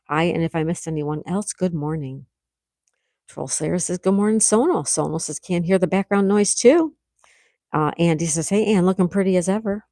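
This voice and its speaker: A woman's voice: lowish voice, warm tone, dry recording, studio quality. A woman hosting a casual livestream from home, reading out viewer comments and greeting each person by name. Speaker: livestream host reading chat. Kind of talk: casual live chat. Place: indoors at home.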